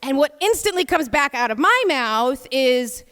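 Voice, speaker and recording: A woman's voice: sits high, sing-song, a little slow, a bit bright. A woman from New York with a New York accent, hosting and telling a comic story on a live stage with many chatty asides. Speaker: host and storyteller. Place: theater stage. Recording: reverberant live theater sound.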